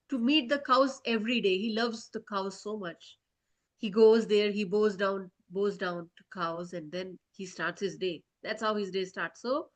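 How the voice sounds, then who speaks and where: A woman teaching children, telling them a story in an animated way and often checking in to ask whether they follow. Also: medium pitch.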